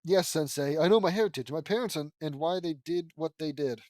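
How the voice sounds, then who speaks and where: A man's voice: a little high, brisk, darkish tone, no room sound, studio quality, natural voice. A man reading the lines of a cheerful teenage boy ninja in an audiobook, barely acted. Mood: plain.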